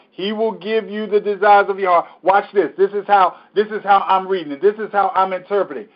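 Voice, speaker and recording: Pastor, male, high voice, repetitive emphatic preaching, dull lo-fi stream. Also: fairly even intonation, fairly quick, hardly any pauses. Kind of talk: Bible study teaching.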